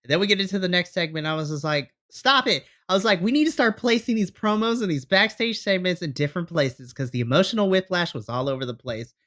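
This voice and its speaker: A man's voice: high-pitched, animated, fast, hardly any pauses, a bit bright. A man co-hosting a podcast, chatting casually and animatedly about a wrestling show, acting out his own reactions. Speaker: podcast co-host. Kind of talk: casual wrestling review chat.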